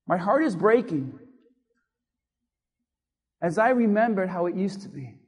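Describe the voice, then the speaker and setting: A man's voice: high-pitched, lively intonation, unhurried, pauses often, breathy edge, big-room sound. A male pastor giving a conversational sermon, acting out little quoted remarks as he goes. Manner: conversational preaching with quoted asides. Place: church.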